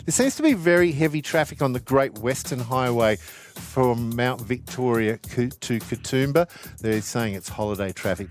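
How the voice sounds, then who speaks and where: A man's voice: mid-range voice, moderate pace, soft background music. A man hosting a radio show in a studio. He talks conversationally, with small stumbles, and reads the traffic. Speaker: radio host.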